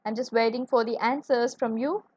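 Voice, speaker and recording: A woman's voice: a little high, steady tone, moderate pace, darkish tone, no echo, lo-fi sound. A woman teaching an online English grammar lesson, spelling words out letter by letter and asking viewers to answer.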